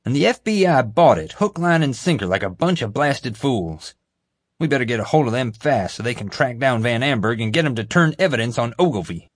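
A man's voice: mid-range voice, animated, moderate pace, no room sound, clean studio sound, voice pushed up, close to an everyday voice. A male narrator voicing an angry, blustering boss in an audiobook. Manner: angry, emphatic. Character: gruff blustering male boss, quick-tempered.

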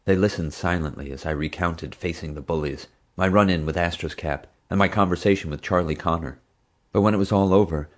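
A man narrating a first-person audiobook in an even, steady storytelling manner. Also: sits low, a little fast.

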